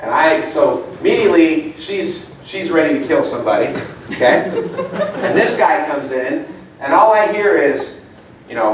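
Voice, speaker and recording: A man's voice: a little high, wildly swooping pitch, unhurried, slight background noise. Chatty man speaking in an echoey room. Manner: chatty storyteller, asks the room questions. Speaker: seminar speaker. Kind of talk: live seminar talk to an audience. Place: meeting room. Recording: echoey room, mic far off.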